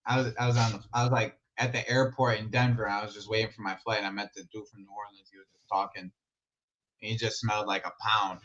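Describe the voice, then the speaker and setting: A young man hosting a football watch-along stream, chatting casually in an animated, slangy way and laughing often. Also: fairly low pitch, quick pace, muffled recording. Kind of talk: casual live commentary chat.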